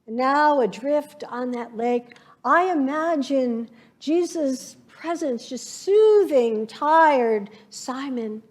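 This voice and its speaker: A woman pastor preaching a sermon, slow and reflective, painting scenes from scripture for her congregation. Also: high voice, animated, a little mellow.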